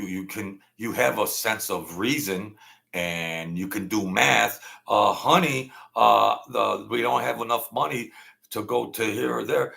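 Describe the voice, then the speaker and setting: A man's voice: on the low side, gravelly, fairly bright tone. A man hosting a casual livestream rant, blunt and slangy, rambling and stuttering as he goes. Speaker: livestream host.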